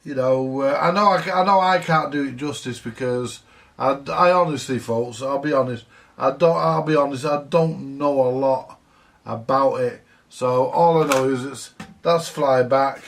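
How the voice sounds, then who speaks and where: A man's voice: medium pitch, normal speed, creaky. Rambling man, far from the mic. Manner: rambling, chatty, lots of fillers and swearing. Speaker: vintage audio repair vlogger. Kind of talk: casual workshop talk to camera.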